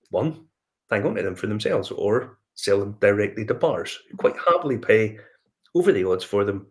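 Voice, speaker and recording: A man with a Northern Irish accent chats casually as a whiskey show host, his voice sitting a little low. He tells his stories in a loose, rambling way, stopping for fillers and restarting his sentences. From Northern Ireland. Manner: rambling anecdotal storytelling with many fillers and restarts. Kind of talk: casual chat.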